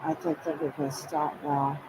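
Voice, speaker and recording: Her voice sits low and level, a little slow, as she rambles repetitively through a personal monologue, frequently passing on things other people said to her. Background noise fills this ambient recording.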